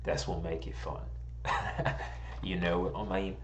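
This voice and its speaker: An American man talks loosely and at length, full of fillers and restarts, and keeps poking fun at himself for sounding posh and British. His voice sits a little low, and the room around him rings with echo. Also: fairly even intonation, takes it slowly, noisy background. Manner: rambling, self-mocking, joking about slipping into a posh British accent. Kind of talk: casual chat. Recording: echoey room.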